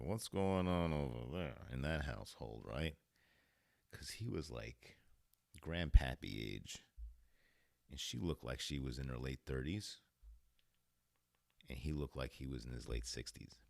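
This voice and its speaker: A man's voice: rumbling low, gravelly, no room sound. A man hosting a podcast in a casual, rambling monologue, laughing often. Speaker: podcast host.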